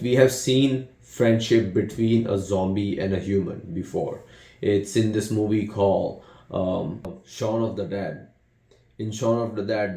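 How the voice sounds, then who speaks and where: A man's voice: on the low side, mellow, echoey room. A man giving a casual, rambling spoken movie review, retelling scenes with many fillers and restarts. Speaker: film reviewer.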